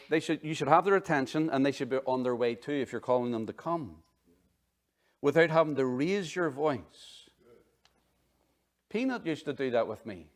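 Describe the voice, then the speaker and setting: A middle-aged man preaches in a chatty, animated way. He breaks off into personal asides. His voice sits a little higher than most men's. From Northern Ireland. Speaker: pastor. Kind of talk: sermon.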